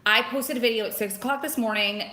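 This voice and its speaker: A chatty woman talks into her phone on a live stream and rambles from one thing to the next. Her voice is bright and forward. The room around her is echoey. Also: a little high, quick pace. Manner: greets viewers by name, chatty and rambling. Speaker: vlogger hosting a live stream. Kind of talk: casual live-stream chat. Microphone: phone camera.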